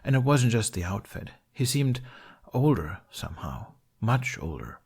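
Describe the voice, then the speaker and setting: A man narrating a fan fiction audiobook in a steady, measured storytelling voice. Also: on the low side, gravelly, breathy edge. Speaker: audiobook reader.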